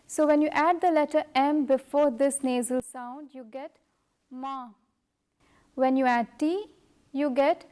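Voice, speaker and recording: Middle-aged female language teacher, high voice, deliberate unhurried delivery. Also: darkish tone. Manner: slow, careful, measured delivery. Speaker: French teacher. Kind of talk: scripted language lesson.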